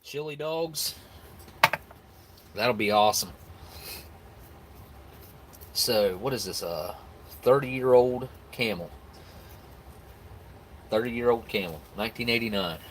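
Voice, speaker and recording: This American man, from the United States, hosts a live stream and reacts to viewer comments in an easygoing, rambling way, often restarting and laughing. His voice is fairly low and slow with frequent pauses, and there's slight background noise.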